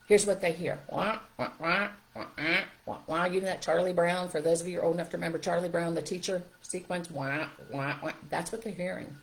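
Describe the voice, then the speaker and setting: Emphatic woman coaching parents, low voice. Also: rough recording. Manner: emphatic, animated, talks straight to parents. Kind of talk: live stream teaching talk.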